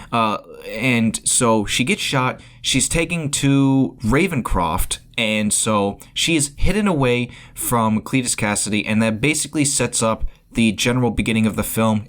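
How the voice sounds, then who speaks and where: A man talks through a casual spoiler review of a film to his viewers. His voice sits at an ordinary middle pitch, and he rambles as he goes, tripping over words, repeating himself and restarting sentences. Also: fairly bright tone. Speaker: movie reviewer.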